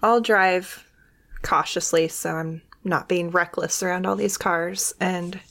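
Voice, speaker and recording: A woman's voice: fairly low pitch, fairly even intonation, slow pace, vocal fry, a bit bright. A woman playing a tabletop game in character, hesitant and stammering. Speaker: player. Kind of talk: tabletop role-play.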